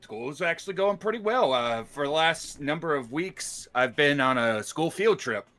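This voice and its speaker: A man playing a tabletop game, speaking in a calm, measured way. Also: on the high side. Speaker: player.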